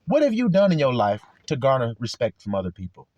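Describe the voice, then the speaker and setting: A man's voice: medium pitch, huge pitch swings, fast talker, mellow, lo-fi sound, a little hiss or hum. A man preaching an informal sermon, confrontational and full of rhetorical questions, with coarse language.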